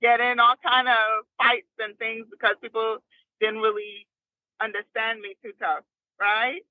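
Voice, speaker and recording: A woman's voice: a little high, level tone, measured pace, dry recording. A woman from New Jersey, a recording artist, telling her life story as a podcast guest in a chatty way and laughing often. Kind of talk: casual storytelling interview. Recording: tinny phone line.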